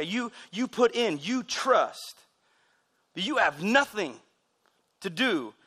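A man preaching a sermon in a church. He is excitable and wired, and he throws in joking asides. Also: high-pitched. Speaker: pastor.

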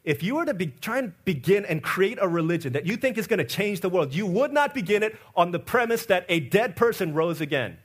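A man preaching an Easter sermon as pastor, telling stories and acting out the people in them, swinging between loud excited asides and quiet, low passages. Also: fairly quick, hardly any pauses, husky. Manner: acts out the people in his stories with lively quoted voices.

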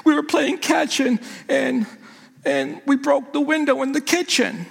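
Brief: stammering frightened boy, put on by a male preacher, high and echoey. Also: lively intonation, unhurried, creaky, a bit bright, full character voice. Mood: pleading. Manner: stammering, repeating words. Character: tearful young boy, scared and pleading.

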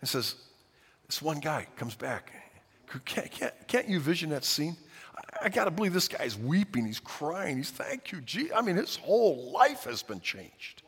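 A man preaching with lively, swooping pitch that drops to near-whispers and rises to loud cries. His voice rings out with a long hall reverb, as in a large church. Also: measured pace, slightly rough. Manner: dramatic, swings from hushed to shouting. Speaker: pastor. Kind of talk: sermon.

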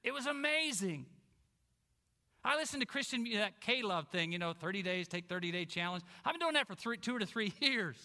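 A male pastor delivers an enthusiastic sermon in a church sanctuary. His voice sits high and rings bright and sharp. He swings from loud exclamations to quiet, low asides, and the hall gives his words a long reverb. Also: animated, moderate pace.

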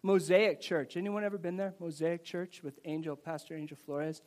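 A man preaching a sermon to his congregation in a church service, telling personal stories in a lively, conversational way. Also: fairly high pitch, normal speed. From United States. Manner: conversational, animated storytelling preacher. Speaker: pastor.

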